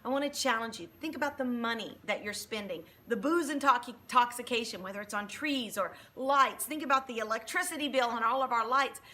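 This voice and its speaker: Bright-voiced woman giving an emphatic faith talk. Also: on the high side, brisk, few pauses. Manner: emphatic, preachy, animated storytelling. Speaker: Christian motivational speaker. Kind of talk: faith-based motivational talk.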